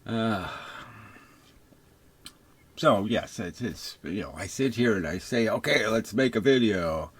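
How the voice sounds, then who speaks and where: Older guy ranting alone on camera, swears a lot, mocking and sarcastic, kinda husky low voice. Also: expressive, slow pace, pauses often. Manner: mimics others in put-on voices. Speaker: video commentator. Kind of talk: unscripted ranting monologue.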